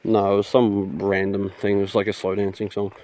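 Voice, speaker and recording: A young man tells a rambling story straight into his phone, laughing and swearing freely. His voice sits low and sounds mellow and relaxed, with nothing sharp in it. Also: brisk. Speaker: vlogger. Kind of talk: casual storytelling. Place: outdoors.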